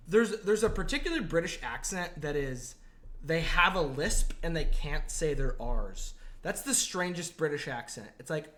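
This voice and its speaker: Male podcast co-host, bright and somewhat high, rambling comic chat with frequent laughs. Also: expressive, moderate pace. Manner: rambling, laughs often, mimics accents. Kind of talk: casual comedic chat.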